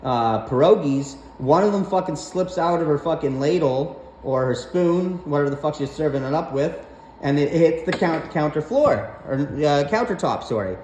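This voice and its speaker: Brief: slightly high-voiced man, profane and exasperated storyteller, echoey room with faint hum. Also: lively intonation, normal speed, a little mellow. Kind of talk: casual storytelling rant.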